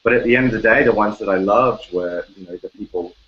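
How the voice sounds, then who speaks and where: The highs are cut off in this clip of a fast-talking Australian songwriter with a fairly low voice. He's at home in his bedroom for a casual interview chat, animated and jokey, now and then singing a few lines.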